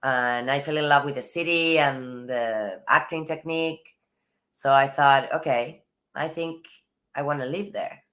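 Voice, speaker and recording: A woman's voice: extremely low pitch, a little slow, fairly bright tone. An Argentine woman, a Spanish speaker, talking as an actress guest in a casual interview in a thoughtful way, laughing lightly between phrases.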